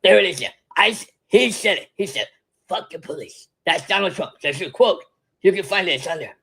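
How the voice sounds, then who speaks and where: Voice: medium pitch, lively intonation, fairly quick, vocal fry, fairly bright tone, slightly rough, heavily acted. A performer doing a tipsy, stammering older politician woman. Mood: rambling. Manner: stammering, many false starts and giggles. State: drunk. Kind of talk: comedic impression monologue.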